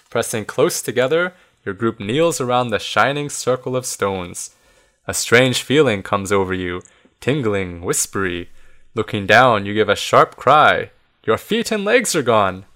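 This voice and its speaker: A man reading a children's adventure book aloud, animated and doing voices for each figure. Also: lowish voice. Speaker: reader of a gamebook.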